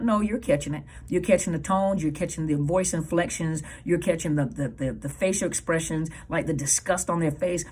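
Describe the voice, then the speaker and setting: A woman's voice: lowish voice, brisk, hardly any pauses, darkish tone, breathy edge. A woman counselor giving earnest advice to viewers, emphatic and repeating her key points. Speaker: counselor and coach.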